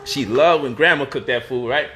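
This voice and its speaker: A man with a mid-range, slightly bright voice speaks at a normal pace over faint background noise. He's hosting a casual home cooking vlog from his kitchen, playfully teasing and cooing at his baby daughter.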